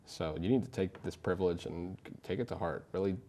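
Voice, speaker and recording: A man's voice: low-pitched, fairly quick, dark tone, slight background noise. A young college man on a student panel who gives his opinions plainly, with frequent "uh"s. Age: young adult. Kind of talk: casual panel discussion.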